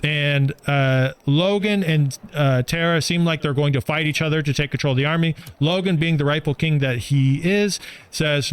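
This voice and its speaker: A man co-hosting a book review podcast, recapping the plot in a brisk, plainspoken way and pushing the talk along. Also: on the high side, clear, resonant tone. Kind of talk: casual chat recapping a book.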